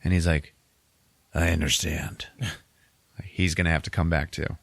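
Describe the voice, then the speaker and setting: A man's voice: extremely low pitch, level tone, moderate pace, no echo. A man hosting a podcast, casually retelling a movie plot and laughing often as he quotes the characters. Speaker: podcast host.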